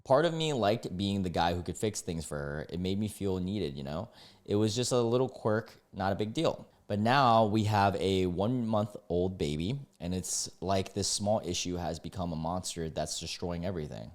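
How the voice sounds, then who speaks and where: A man's voice: low-pitched, lively intonation, moderate pace. A young adult man reading online posts aloud and reacting in a casual, incredulous way. He laughs often and fills his talk with "like".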